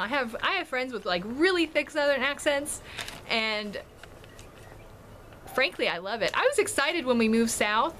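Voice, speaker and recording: Bright, chatty woman vlogger. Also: a little high, a little hiss or hum. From Washington DC and Maryland area. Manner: chatty, laughing often, rambling anecdotes. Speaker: family vlogger. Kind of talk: casual chat to camera.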